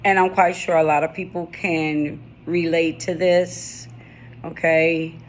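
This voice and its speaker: A woman's voice: low voice, flat delivery, slow, a little hiss or hum. Chatty East Coast woman, laughing often. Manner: chatty, laughs easily, repeats phrases for emphasis. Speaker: vlogger. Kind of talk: personal vlog with a read-aloud poem.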